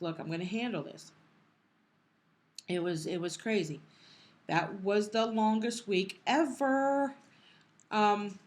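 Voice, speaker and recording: Middle-aged woman co-host, emotional storyteller, halting, restarts, quotes others in passing. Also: medium pitch. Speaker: podcast co-host. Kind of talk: casual storytelling.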